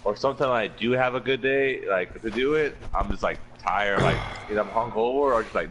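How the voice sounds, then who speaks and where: Casual podcast host, male, lowish voice, profane storyteller, faint hiss behind. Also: fairly quick, hardly any pauses, a bit bright, rough recording. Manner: profane, laughing, acts out quoted friends.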